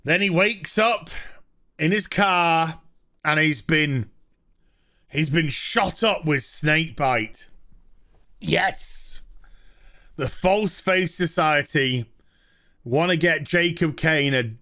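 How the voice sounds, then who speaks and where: A man's voice: a little high, slow pace, long pauses, bright, forceful tone. A man with an English accent giving a mocking, exasperated review of a TV episode, laughing at its plot. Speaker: host.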